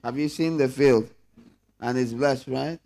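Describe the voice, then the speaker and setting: A man's voice: medium pitch, measured pace, creaky, dark tone. A man leading a prayer meeting Bible study, talking conversationally and asking the room questions. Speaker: pastor.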